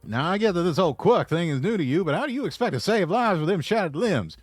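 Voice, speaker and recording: A man puts on a loud, pompous old cartoon rooster with a put-on Southern drawl, lecturing and stammering "I say, boy". The voice sits higher and louder than his own and swings widely in pitch. The sound is close and dry. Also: animated, quick pace, breathy edge, no room sound, faint music behind. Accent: American Southern (put on).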